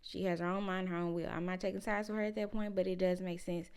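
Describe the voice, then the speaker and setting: A woman's voice: lowish voice, quick pace, clear, resonant tone. A woman casually recapping a reality show and giving her blunt, opinionated, slangy take on it. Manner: opinionated, animated, informal slang.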